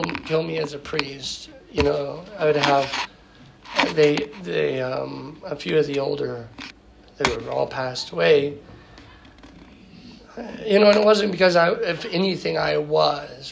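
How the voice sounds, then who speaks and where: A man who is a priest talking in an interview conversation, halting and full of fillers and restarts. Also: a little high, gravelly. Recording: noticeable background noise.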